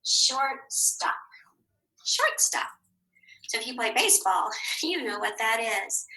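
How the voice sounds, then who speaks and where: A woman teaching a children's phonics lesson, patient and clear, saying each word twice with the second higher. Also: animated, measured pace, bright, forceful tone, rough recording. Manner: clear, patient, sing-song.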